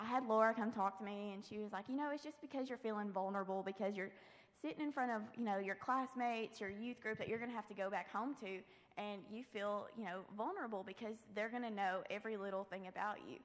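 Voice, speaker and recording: A woman's voice: medium pitch, fairly quick. A teenage girl sharing a personal testimony in church, chatty, quoting herself with "I was like". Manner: chatty, lots of "I was like" quotes. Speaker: youth group member giving testimony. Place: church sanctuary. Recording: long church hall reverb.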